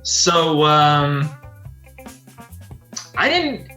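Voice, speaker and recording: A man's voice: fairly high pitch, very animated, very slow, pushed and bright, faint music behind. A man playing a tabletop game, laid-back and a little hesitant. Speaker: player. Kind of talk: casual tabletop play.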